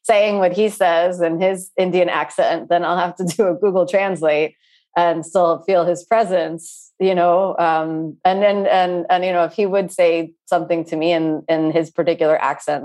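A woman yoga teacher speaking in an interview, earnest and searching, with frequent pauses and restarts. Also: lowish voice, steady tone, a little mellow. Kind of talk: reflective interview talk.

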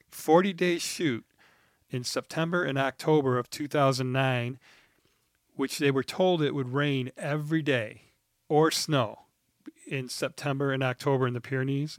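A man in a relaxed podcast conversation, talking at an ordinary middle pitch. He wanders through his notes with frequent ums and restarts, and swears casually. The sound is close and dry. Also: unhurried, no echo. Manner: rambling, reads from notes with many ums; laid-back and profane. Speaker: podcast co-host. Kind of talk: casual chat.

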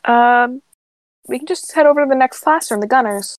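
A woman's voice: high voice, moderate pace, no echo. A woman playing a tabletop game, planning aloud in a practical way with frequent "um"s. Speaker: player. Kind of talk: casual chat in a tabletop game.

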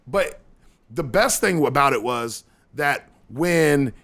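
A man in a casual podcast chat, telling a story in halting bursts with restarts and swearing. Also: a little high, lively intonation, fairly bright tone. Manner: halting, stumbling starts, profane.

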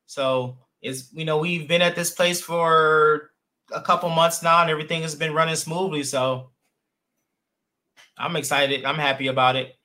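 Bright-voiced easygoing podcast host man. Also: a little high, steady tone, normal speed. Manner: easygoing, short agreeing replies. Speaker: podcast host, jiu-jitsu coach. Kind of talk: casual interview chat.

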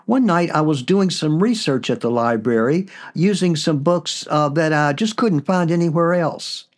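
A man hosting a podcast, narrating a personal story in a relaxed way with frequent fillers. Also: fairly high pitch, normal speed. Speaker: podcast host.

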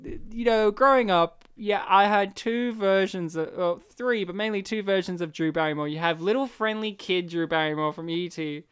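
A man's voice: high-pitched, fairly bright tone, smooth. Young man riffing on a movie. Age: young adult. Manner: quick joking riffs, playful teasing. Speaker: podcast co-host. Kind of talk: casual movie commentary chat.

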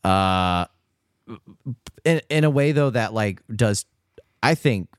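Deep-voiced man co-hosting a film podcast. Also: expressive, slow pace, clear, resonant tone, no room sound, studio quality. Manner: hesitant, full of "like" fillers. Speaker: podcast co-host. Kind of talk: casual film discussion.

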